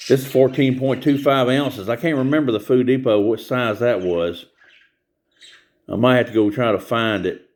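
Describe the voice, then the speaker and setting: A man's voice: medium pitch, normal speed. A man vlogging a casual rant about a store visit, rambling and repetitive, with many hesitations.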